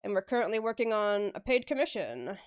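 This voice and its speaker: A woman's voice: medium pitch, sing-song, fairly quick. A woman streamer chatting casually with her viewers while she draws. She laughs often and swears freely as she answers chat. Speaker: live-stream artist.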